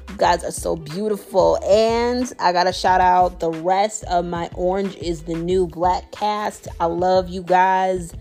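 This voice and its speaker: A woman with a fairly low voice hosts a casual commentary show. She reads headlines briskly and then turns effusive and heartfelt. Soft music plays faintly behind her. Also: fairly even intonation. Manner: effusive, emotional, shouting people out. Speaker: podcast host. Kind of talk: casual commentary, reading news aloud.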